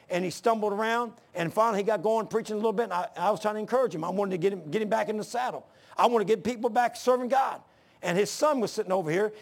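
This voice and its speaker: An older man preaching a sermon, swinging from shouting to hushed storytelling, with a gravelly, husky voice. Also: high-pitched. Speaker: pastor.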